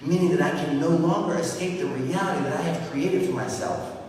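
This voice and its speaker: A man's voice: a little high, a little fast, darkish tone, a little hiss or hum. A man giving a keynote speech, telling his recovery story in a dramatic, emphatic way with repeated phrases and built-up lists. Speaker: keynote speaker. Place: large event hall. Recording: echoey hall, speaker far from the mic.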